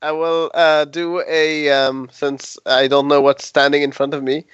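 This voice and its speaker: A man playing a tabletop game, hesitant with many ums and quick to giggle. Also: fairly high pitch, little pitch movement, a bit bright, smooth, dry recording, dull audio. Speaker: player. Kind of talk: tabletop role-play.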